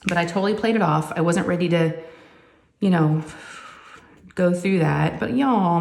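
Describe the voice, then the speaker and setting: Chatty woman, lowish voice. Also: unhurried, gravelly, pauses often, reverberant. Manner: chatty, animated, says "y'all" often. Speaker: crafting vlogger and mother. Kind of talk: casual storytelling chat while crafting.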